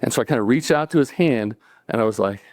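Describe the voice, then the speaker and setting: A middle-aged man tells a personal story to a live audience in a relaxed, conversational way, chuckling and acting out quotes. He talks fast in a mid-range voice, and the recording is dry.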